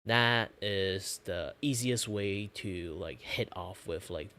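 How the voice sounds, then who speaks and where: A man chatting casually on his stream in his relaxed, lower natural register, rambling with lots of fillers. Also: slow pace, a little hiss or hum. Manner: rambling, filler-heavy, frequent laughs. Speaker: VTuber streamer and artist.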